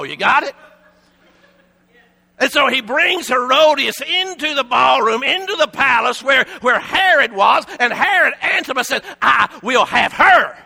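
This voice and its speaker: A man with an Appalachian accent preaching a sermon, telling the story dramatically, swinging between shouting and low hushed tones. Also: gravelly.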